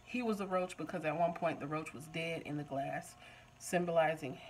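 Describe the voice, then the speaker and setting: A woman's voice: deep voice, moderate pace, a little hiss or hum, rough recording. A woman recapping a TV episode in a casual, joking way, talking back to the show. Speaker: TV recap vlogger.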